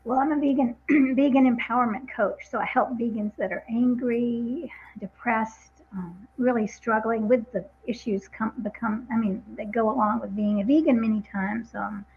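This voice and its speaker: A woman speaking as an interview guest about her coaching work, earnest and motivational, stressing phrases slowly. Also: a little high, fairly even intonation, phone-quality sound, a little hiss or hum. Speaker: guest, vegan empowerment coach.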